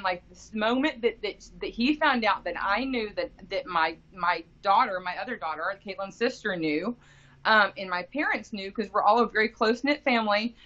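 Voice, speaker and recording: A woman in her forties recounts a painful family story with a bright, tense voice. Her talk rambles along, full of "like" and restarts. The recording sounds dull and lo-fi. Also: on the high side. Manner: rambling, many fillers and restarts. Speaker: interview guest, grieving mother. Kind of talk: emotional personal account. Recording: dull lo-fi podcast audio.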